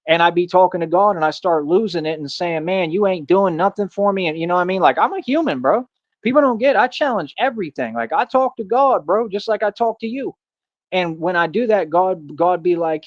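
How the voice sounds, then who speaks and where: A man's voice: fairly high pitch, no room sound. A man talking earnestly in a casual vlog monologue, leaning on "man" and "bro" for emphasis. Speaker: street performer in a Batman costume. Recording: dull lo-fi dry sound.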